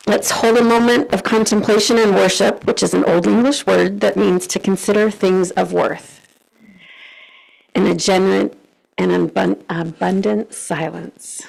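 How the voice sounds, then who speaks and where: Gravelly-voiced woman leading a service. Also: medium pitch, moderate pace, rough recording. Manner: relaxed, joking asides. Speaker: service leader. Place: church service.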